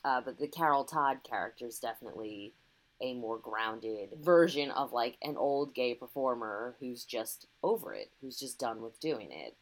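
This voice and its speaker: A woman with a strikingly low voice talks casually on a podcast. She is chatty and laughs easily, often breaking into quick impressions of lines from a film. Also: expressive. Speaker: podcast co-host. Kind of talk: casual film-review chat.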